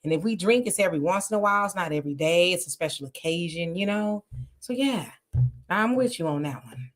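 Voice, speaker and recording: A woman's voice: on the low side, lively intonation, a little fast. A middle-aged woman hosting a live stream, chatty, laughing often and greeting viewers. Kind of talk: casual live chat reading comments.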